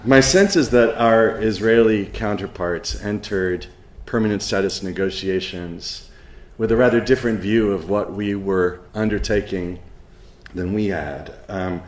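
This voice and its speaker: A middle-aged man giving a lecture, halting with many ums and uhs, with a dry sense of humor. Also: low-pitched, reverberant. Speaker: professor giving a conference talk. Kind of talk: spoken lecture with an anecdote.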